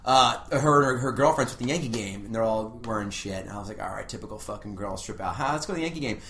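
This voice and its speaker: A man co-hosting a casual podcast chat, telling profane, animated comic stories. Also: on the low side, fast talker, roomy sound, slight background noise. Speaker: podcast co-host, comedian.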